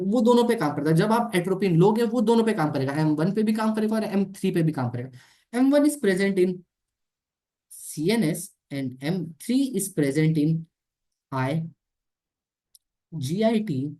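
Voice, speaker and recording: A woman's voice: fairly low pitch, lively intonation, rapid-fire, mellow. A woman with an Indian accent teaching an exam-prep lecture, switching between English and Hindi and repeating key points. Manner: repeats key points, explains while drawing structures.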